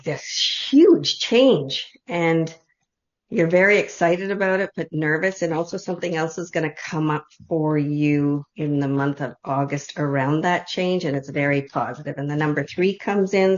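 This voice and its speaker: A woman leading an online group reading, speaking softly and heartfelt in loose, run-on phrases. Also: low voice. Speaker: intuitive reader leading an online group session. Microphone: video call. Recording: dull lo-fi video call audio.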